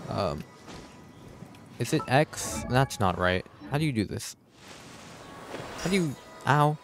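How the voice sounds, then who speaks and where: A young man streaming a game live, muttering to himself and cursing loudly at enemies. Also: mid-range voice, expressive, slow. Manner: swears a lot, yells at enemies. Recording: game music behind voice.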